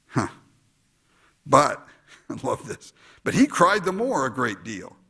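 A pastor delivers a sermon to his congregation, his voice husky and a bit raised. His pitch ranges widely, dropping low for quiet asides and rising high as he drives a point home. He exhorts with animation at a slow pace, pausing often.

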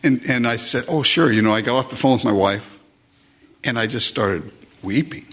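A man's voice: mid-range voice, moderate pace, a bit bright, breathy edge, dull audio. An older man preaching a sermon as pastor, emphatic, repeating phrases and asking rhetorical questions.

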